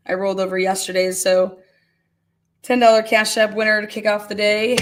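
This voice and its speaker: A woman's voice: mid-range voice, flat delivery, normal speed, a little hiss or hum. A woman hosting a casual livestream, calling bingo games and reading viewer comments aloud with frequent laughter. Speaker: livestream host.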